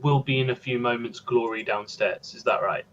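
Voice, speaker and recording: A man's voice: medium pitch, steady tone, moderate pace, a bit bright. A man playing in a tabletop game, stammering through his turns with many fillers. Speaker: player. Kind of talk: tabletop role-play. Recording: dull lo-fi mic with faint noise.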